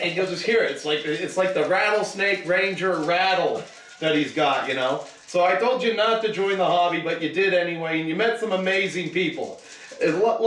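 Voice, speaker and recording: A man in his thirties hosts a casual hobby chat with a rather high voice, rambling along with sarcastic jokes. He sounds set back from the microphone in an echoey room. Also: a bit bright, recorded from a distance, a little hiss or hum. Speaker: show host.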